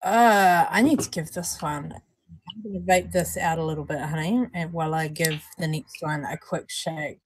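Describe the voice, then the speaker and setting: A woman's voice: low voice, fairly even intonation, normal speed, a little hiss or hum. A woman hosting a casual live vape review stream from home, chatty and laughing often. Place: at home, indoors at night.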